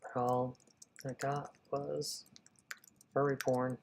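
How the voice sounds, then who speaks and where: A man voicing a woman whose late husband came back as a dog, in a quiet, flat country accent. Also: medium pitch, slow pace, gravelly. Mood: deadpan. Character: grieving widow with a country accent.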